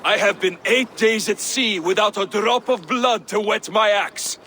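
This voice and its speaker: An actor playing a boastful, eager Viking warrior in a video game. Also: male voice, sits high, unhurried, pushed and bright, slight background noise. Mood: brash. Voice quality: brash, boastful. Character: bloodthirsty, brash young Viking warrior.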